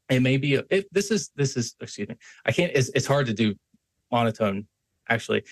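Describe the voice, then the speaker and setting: A man hosts a podcast episode on persuasion, teaching in a relaxed, conversational flow. His voice carries a mild huskiness and he bends his tone up and down to show what he means. The sound is close and dry. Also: medium pitch, fairly quick, no echo. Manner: conversational, varies his tone to demonstrate, frequent restarts and "right?" checks. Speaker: podcast host. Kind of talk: instructional talk on voice and persuasion.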